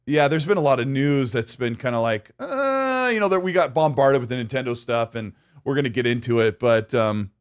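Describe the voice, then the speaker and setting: A man's voice: mid-range voice, fairly quick, few pauses, clear, resonant tone. A man hosting a podcast, talking in a loose, rambling way. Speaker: podcast host. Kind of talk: casual podcast chat.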